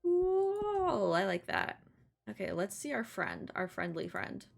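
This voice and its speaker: A woman's voice: medium pitch, very animated, slow, vocal fry. A young woman giving casual, giggly let's-play commentary as she plays a video game. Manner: chatty, giggly, playful. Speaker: gaming streamer.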